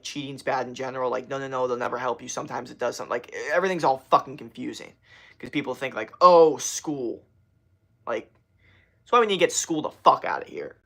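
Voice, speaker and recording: A man's voice: mid-range voice, gravelly, fairly bright tone. A young man hosting a livestream, chatting casually in a rambling, profane way with many restarts. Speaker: livestream host.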